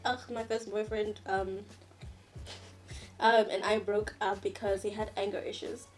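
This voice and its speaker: A young woman co-hosting a casual chat, telling stories in an animated, giggly way. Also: mid-range voice, measured pace, faint music behind. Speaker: co-host. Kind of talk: casual chat over a meal.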